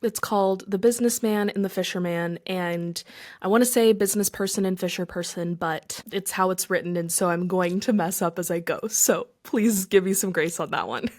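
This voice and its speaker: A woman's voice: on the low side, a little mellow. Earnest woman hosting a reflective podcast. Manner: earnest, with whispered emphasis and slow dramatic pauses. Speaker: podcast host. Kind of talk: reflective monologue.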